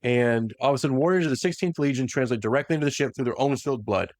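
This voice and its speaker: Casual podcast host, male, mid-pitched, retells plot with quick voiced quotes; dry close recording. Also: a little mellow, no room sound. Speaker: podcast host recapping lore. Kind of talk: casual lore recap chat.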